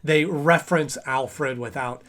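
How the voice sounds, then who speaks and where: A chatty man in his thirties hosts a casual review of an old cartoon in a somewhat high voice. He talks with relaxed enthusiasm. He now and then acts out lines in playful voices. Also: a little slow. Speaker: host of a cartoon review show.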